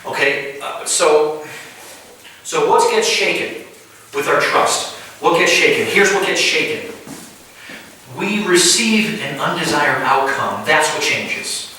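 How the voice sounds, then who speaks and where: A man's voice: a little high, slow pace, pauses often, slight background noise. A man preaching an informal sermon in a house church, acting out little scenes and questioning the room. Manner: animated, acts out little scenes, asks the room. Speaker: pastor. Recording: echoey room, mic far off.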